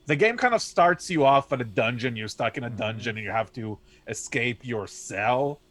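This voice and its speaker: A man's voice: mid-range voice, expressive, moderate pace, fairly bright tone. A man talking as a podcast guest, laid-back and rambling, with plenty of fillers as he chats about games. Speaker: podcast guest, game developer. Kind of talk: casual podcast chat.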